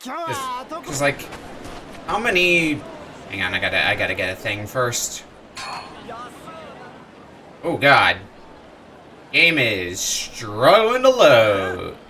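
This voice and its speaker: A man's voice: mid-range voice, huge pitch swings, slow pace, long pauses, sharp tone, a little hiss or hum. A man streaming a video game, chatting casually and playfully with his viewers. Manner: chatty and playful, laughs easily. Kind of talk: casual gameplay commentary.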